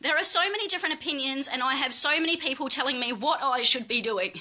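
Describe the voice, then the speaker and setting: A woman's voice: high-pitched, fast talker, sharp tone. A woman with an Australian accent making an impassioned, angry plea as an activist guest, emphatic and swearing.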